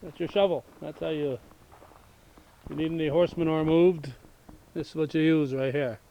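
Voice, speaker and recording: Gravelly man interviewing outdoors, easygoing. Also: on the high side, steady tone, moderate pace, mellow, slight background noise, low-quality recording. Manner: easygoing, chuckling interviewer asking leading questions. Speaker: local cable show host. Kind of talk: casual interview. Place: outdoors at a rural home.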